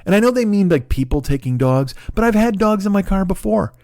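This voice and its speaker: Man, forties, podcast comic; profane animated rant, dry close sound. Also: high-pitched, a little fast, dry recording. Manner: profane, ranting, animated storytelling. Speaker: comedian podcast host. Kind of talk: casual comedic monologue.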